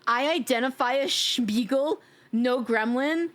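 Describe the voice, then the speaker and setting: A woman streaming live in a casual, playful chat, teasing her viewers and laughing loudly. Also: a little slow. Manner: drops to a low sultry tease at times.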